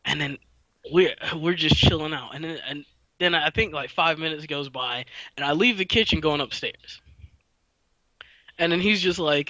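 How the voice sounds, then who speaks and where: A young man hosts a podcast and tells a rambling, profane story in a relaxed way. His voice is bright and forward. The sound is dry and a little dull, like a cheap close mic. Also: a little high, normal speed, no room sound. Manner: rambling, profane, laid-back. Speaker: podcast host. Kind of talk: casual storytelling.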